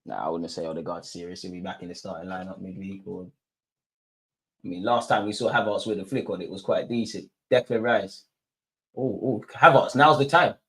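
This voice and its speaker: A man's voice: deep voice, fairly even intonation, brisk, fairly bright tone, husky. A young man hosting a live football watch-along, reacting as a partisan fan and talking straight to his viewers in street slang. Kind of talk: live fan commentary on a match.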